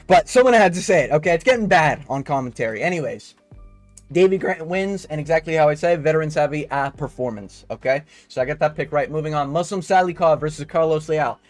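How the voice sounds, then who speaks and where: A man's voice: on the high side, lively intonation, brisk, faint music behind. A young man giving a casual, profane, slang-heavy fight breakdown. He rambles and keeps tagging his points with "okay?". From Canada. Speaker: MMA fight analyst.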